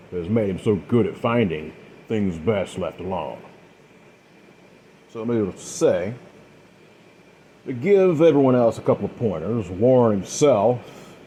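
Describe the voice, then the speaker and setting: A man narrating a dark adventure story in a calm, steady way, now and then using filler words. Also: on the low side, a little hiss or hum. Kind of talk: reading a dark adventure story with character voices.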